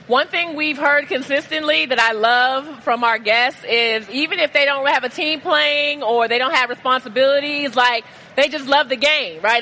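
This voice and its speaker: Lively high-voiced woman hosting live. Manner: lively, enthusiastic. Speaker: podcast host. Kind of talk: live podcast interview. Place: live event venue with an audience.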